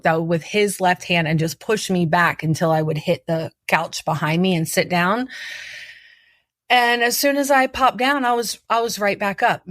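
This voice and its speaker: A woman's voice: medium pitch, a bit bright, no room sound. Woman recounting her story, close and dry. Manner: vivid, urgent retelling with acted-out quotes. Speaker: podcast host telling her own story. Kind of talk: personal storytelling.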